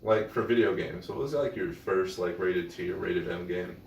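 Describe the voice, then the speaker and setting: A man in his twenties co-hosts a casual podcast chat with a lowish voice. He stays relaxed, laughs often and throws questions to the others. He is heard from a distance in an echoey room with faint noise. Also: moderate pace, vocal fry, highs cut off. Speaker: podcast co-host.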